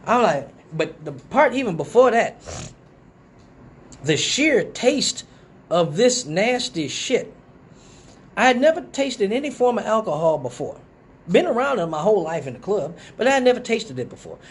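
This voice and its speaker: Speaking at a moderate pace with long pauses and a slightly rough voice, a man from Detroit tells a casual, profane story on a live stream. He acts out quotes animatedly in a higher voice.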